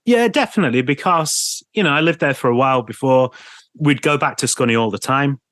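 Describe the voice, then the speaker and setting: A man, a radio presenter telling lively anecdotes in an interview, laughing often and mimicking people he knew. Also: medium pitch, a little fast, dry recording, clean studio sound. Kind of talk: storytelling interview chat.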